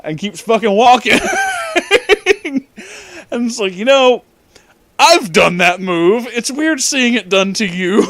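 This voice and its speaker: A man's voice: high-pitched, fairly bright tone, no room sound. A young man casually telling a story about a road trip, swearing freely and laughing often. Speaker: vlogger.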